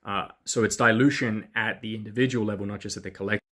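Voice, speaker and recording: A man delivering a political monologue in a measured, lecturing way, with many filler pauses. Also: lowish voice, steady tone, a bit bright. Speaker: political commentator in a played clip. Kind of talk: monologue to camera.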